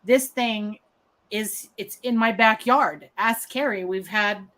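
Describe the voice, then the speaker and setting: A woman co-hosting a casual chat, telling her own story with lively acted-out quotes. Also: mid-range voice, slow. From Catskills, New York. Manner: animated storyteller, acts out quotes. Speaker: co-host.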